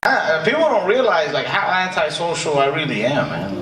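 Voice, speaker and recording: Young male comic, self-deprecating and stammering, lively pitch, distant roomy sound with a loud crowd. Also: normal speed, background noise. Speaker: stand-up comedian. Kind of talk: stand-up comedy set. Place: comedy club stage.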